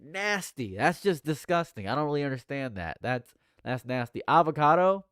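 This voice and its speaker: A man streaming casual live commentary, ranting in mock outrage and swinging between mumbled asides and loud outbursts. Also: on the high side, lively intonation, brisk, clear, resonant tone, dry recording, clean studio sound.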